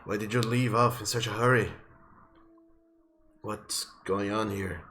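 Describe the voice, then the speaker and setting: A man voicing a weary, slightly annoyed ship captain asking brisk questions. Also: on the low side, steady tone, pushed and bright, slight background noise. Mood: irritated.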